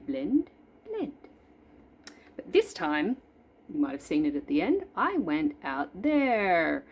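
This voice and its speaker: A woman's voice: deep voice, a little mellow. A woman in her forties chatting through a makeup tutorial at home, playful and self-deprecating. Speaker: makeup vlogger. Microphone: camera in front of her.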